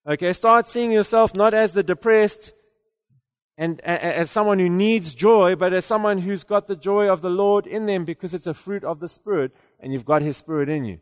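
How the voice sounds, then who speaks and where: High-voiced preacher in an echoing hall. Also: male voice, moderate pace, clear, resonant tone. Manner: conversational, repeats words, rising to emphatic declarations. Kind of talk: sermon.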